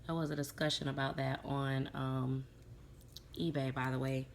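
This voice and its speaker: Gravelly-voiced woman telling a doll story. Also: a bass voice, little pitch movement, moderate pace, a little hiss or hum. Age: middle-aged. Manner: chatty, laughs while telling a story, acts out others' voices. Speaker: doll collector vlogger. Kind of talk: casual storytelling to camera.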